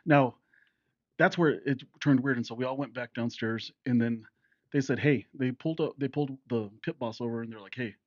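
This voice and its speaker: A man's voice: medium pitch, fairly quick, no echo. A middle-aged man with a mid-range voice chats casually on a podcast, chuckling and jumping in with his own side of the story. The sound is dry and a little dull. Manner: chuckling, chatty interjections. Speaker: podcast co-host. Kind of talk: casual chat.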